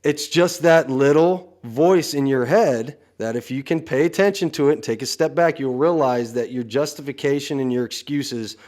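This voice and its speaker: A man's voice: mid-range voice, normal speed, few pauses, darkish tone. A man, a coach, talking earnestly and frankly in a casual podcast chat, often saying "you know".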